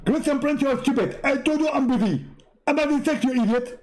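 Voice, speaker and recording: A man putting on a shrill scolding preacher. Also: fairly quick, music in the background. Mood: irritated. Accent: Arabic. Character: impatient male preacher snapping at a visitor.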